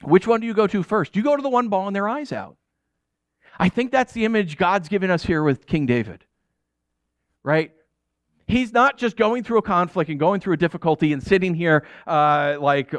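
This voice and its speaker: A middle-aged pastor giving a sermon in a conversational, jokey way, often asking the audience questions. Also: male voice, sits high, animated, moderate pace, dry recording.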